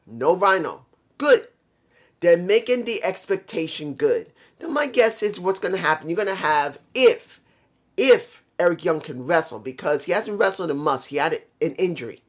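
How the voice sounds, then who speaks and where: A man rants about a show in a casual, opinionated monologue, bluntly and with plenty of swearing. His voice is fairly high and worn, which he says is messed up.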